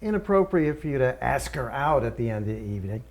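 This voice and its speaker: A man's voice: mid-range voice, big pitch swings, fast talker, a little mellow. An older man, a talk show co-host, dropping dry wisecracks and wrapping up the show. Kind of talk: casual chat.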